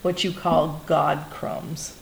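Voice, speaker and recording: A woman interviewer with a low, gravelly voice speaks at an unhurried pace. She prompts her guest with short reactions and follow-up questions. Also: flat delivery, rough recording. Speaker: interview host. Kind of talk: casual interview.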